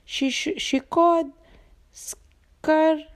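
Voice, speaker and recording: A young woman student reading a children's story aloud, halting and restarting words often. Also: high voice, steady tone. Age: young adult.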